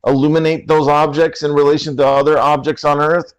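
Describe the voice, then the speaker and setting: A man's voice: on the high side, level tone, a little fast, clear, resonant tone, dry recording, poor audio. Een man die sarcastisch en spottend discussieert in een verhit online debat. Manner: sarcastic, mocking. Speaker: panelist.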